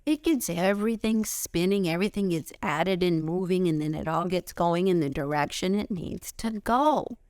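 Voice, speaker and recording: A middle-aged woman giving a spiritual lesson outdoors, expressive, jumping from high excited bursts to soft whispers. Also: normal speed, few pauses, no room sound, clean studio sound. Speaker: spiritual teacher.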